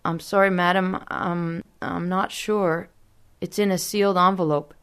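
A woman's voice: lowish voice, fairly even intonation, a little slow, fairly bright tone, smooth. A woman voicing an awkward young male telegram messenger in a storybook reading, speaking hesitantly and apologetically. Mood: apologetic.

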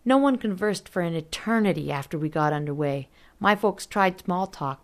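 A woman reading a story aloud as narrator in a steady, measured way. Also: fairly low pitch. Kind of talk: audiobook narration.

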